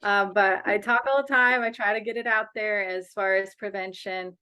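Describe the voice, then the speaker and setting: A woman's voice: medium pitch, steady tone, normal speed, pushed and bright, clean tone. A woman speaking as a guest in a casual interview over a video call, earnest and outspoken, a bereaved mother and advocate.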